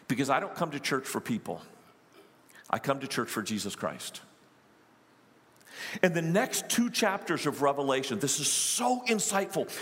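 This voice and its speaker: A male pastor delivers a storytelling sermon in a high voice that leaps up and down with feeling. He talks in animated bursts and quick asides, and a long hall reverb trails after his words.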